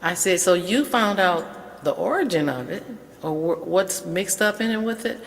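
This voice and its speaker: An older woman calmly telling a personal story on a call-in show, quoting the people in it. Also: fairly low pitch, creaky, long reverb tail. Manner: unhurried, quotes dialogue in her story. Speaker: caller sharing an experience. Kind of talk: casual storytelling.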